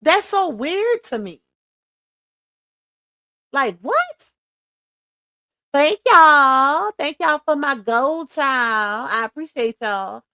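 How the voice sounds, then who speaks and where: A high-voiced woman from Louisiana hosts a casual livestream, her pitch swinging widely as she talks bluntly to her viewers. The sound is close and dry. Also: expressive, extremely slow, long pauses, pushed and bright, no room sound. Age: adult mother. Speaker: livestream host.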